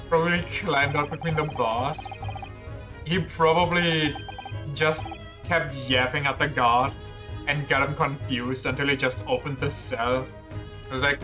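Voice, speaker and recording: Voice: mid-range voice, fairly even intonation, measured pace, music in the background. A streamer playing through a story game, reading lines aloud and joking about the characters. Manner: joking, reads dialogue aloud plainly. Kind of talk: game playthrough commentary.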